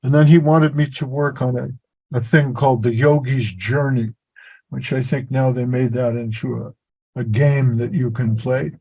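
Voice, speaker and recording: A man's voice: mid-range voice, fairly even intonation, moderate pace, mellow, husky, poor audio. A man telling a meandering, self-deprecating story on a video call as a spiritual teacher. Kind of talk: anecdotal storytelling.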